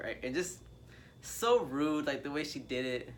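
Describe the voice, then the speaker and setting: A man's voice: a little high, moderate pace, slight background noise. Candid man in casual discussion.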